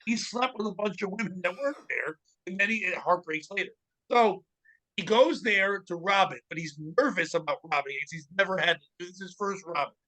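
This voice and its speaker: A man's voice: sits high, a little fast, bright, forceful tone, low-quality recording. A man hosting a casual comedy podcast, reading news stories aloud with laughter and acting out the people in them.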